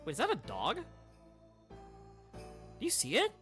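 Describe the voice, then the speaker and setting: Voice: mid-range voice, wildly swooping pitch, measured pace, sharp tone, soft background music. A game streamer chatting casually while playing, rambling with stammered restarts, crude slang and frequent laughter. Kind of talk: casual let's-play commentary while reading game dialogue.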